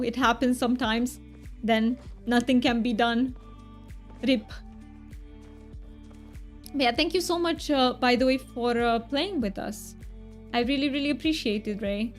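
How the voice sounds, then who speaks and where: Chatty excitable woman streaming a game. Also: on the high side. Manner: chatty, excitable, quick gasps of delight. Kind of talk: casual live-stream chat while gaming.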